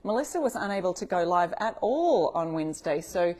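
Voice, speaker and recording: A woman's voice: lowish voice, very animated, fairly quick, a little mellow. A woman with an Australian accent hosting a live craft tutorial stream, chatting and greeting viewers by name.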